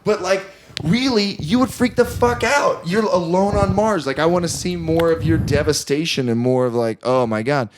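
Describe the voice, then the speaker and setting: A man talking casually about a movie on a podcast. He rambles, stacks up fillers and restarts his sentences, and slips into lively little impressions as he goes. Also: a little high, moderate pace, a little hiss or hum. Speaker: podcast guest. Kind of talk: casual film discussion.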